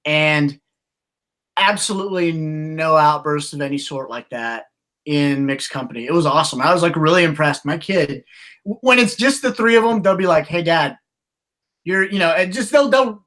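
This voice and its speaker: A man co-hosts a podcast in relaxed conversation. His voice sits a little high and rings bright and forceful. He talks in halting bursts, restarting phrases and slipping into animated voices for the people in his stories. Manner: halting storytelling with many restarts; animated, acts out quotes. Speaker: podcast co-host. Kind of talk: casual podcast chat.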